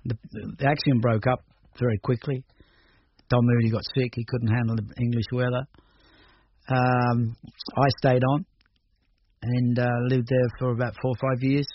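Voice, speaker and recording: A man's voice: medium pitch, flat delivery, normal speed. An older man from Australia, talking through his music career in a rambling, hesitant radio interview full of restarts. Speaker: musician guest. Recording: dull radio recording with faint noise.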